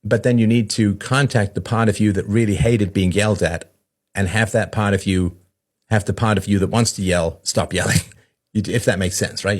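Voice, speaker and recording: Low-voiced man explaining, asking "right?". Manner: conversational, repeats "right?" and acts out quoted voices. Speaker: podcast host. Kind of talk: explanatory monologue.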